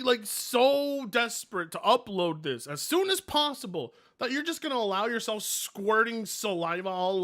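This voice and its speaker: A man with a high voice streams live, reacting to videos with loud, mocking commentary and yelling and laughing at what he watches.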